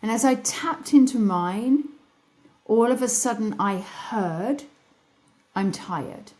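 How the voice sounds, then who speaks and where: A middle-aged woman hosts a podcast in a slightly tired voice. She leads a guided wellness exercise, slowing down for pauses and asking gentle questions again and again. Now and then she drops in a playful, self-mocking aside. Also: fairly high pitch, lively intonation. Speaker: podcast host.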